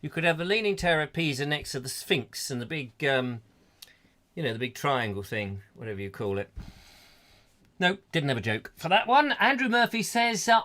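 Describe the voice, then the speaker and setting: A man's voice: on the high side, big pitch swings, normal speed, pushed and bright. Middle-aged guy rambling on a live stream, punny, voice swoops up and down a lot. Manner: rambling, punning, bursts into silly voices and song. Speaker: host of a comedy live-stream chat show.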